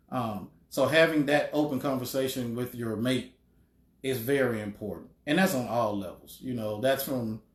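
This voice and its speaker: A middle-aged man talks in a measured, thoughtful way, filling pauses with "um". His pitch sits in an ordinary middle range. The room around him rings with echo. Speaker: homeless shelter director, guest. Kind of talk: casual interview talk. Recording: roomy echo.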